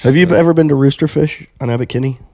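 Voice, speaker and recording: Dark-voiced man telling stories on a podcast. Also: fairly high pitch, fast talker, no room sound. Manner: acts out both sides of his stories in quoted voices. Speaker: podcast host. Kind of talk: casual chat, storytelling.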